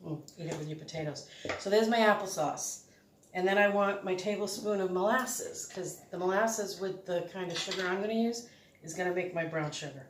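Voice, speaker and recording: A woman's voice: on the low side, a little fast. Chatty woman cooking in an echoey kitchen. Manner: chatty, rambling, self-correcting. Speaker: home cook host. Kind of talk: casual cooking demonstration. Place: home kitchen. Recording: echoey kitchen, faint noise.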